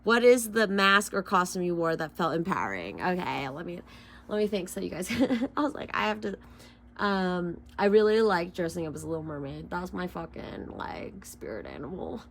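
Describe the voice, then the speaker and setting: A woman's voice: on the low side, sing-song, normal speed, fairly bright tone. Young woman, tarot reader, casual vlog, swears and laughs between solemn card readings.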